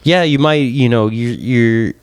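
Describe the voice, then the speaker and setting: A man on a podcast, chatting casually and telling rambling, animated stories full of restarts and swearing. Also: mid-range voice, measured pace, smooth, dry recording. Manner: rambling, animated storytelling with many restarts and profanity. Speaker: podcast co-host. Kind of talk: casual chat.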